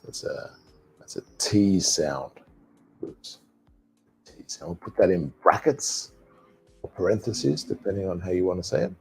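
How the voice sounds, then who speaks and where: A man teaching English alone in a live online lesson, repeating phrases slowly for pronunciation practice. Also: sits low, sing-song, creaky, a little hiss or hum.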